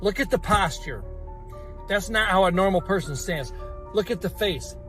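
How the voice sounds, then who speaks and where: A man's voice: high-pitched, expressive, normal speed, fairly bright tone, soft background music. A man doing conspiracy commentary, insistent and challenging the listener.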